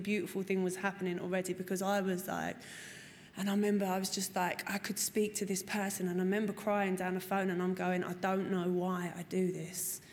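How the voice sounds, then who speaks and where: A woman, telling her recovery story frankly and expressively, swearing and acting out what people said. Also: medium pitch. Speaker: speaker sharing a recovery story. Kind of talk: personal testimony talk. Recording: long hall reverb, faint room noise.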